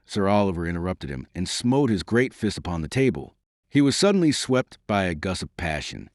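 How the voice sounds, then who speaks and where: A man narrating an audiobook in a dramatic, measured reading. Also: fairly low pitch, big pitch swings, darkish tone, no echo, clean studio sound.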